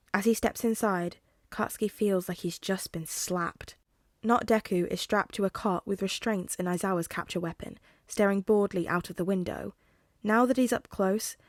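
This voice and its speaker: A woman reads a fan fiction audiobook as a podfic narrator, her medium-pitched voice steady and measured as she tells the story. The sound is clean studio quality with no room sound.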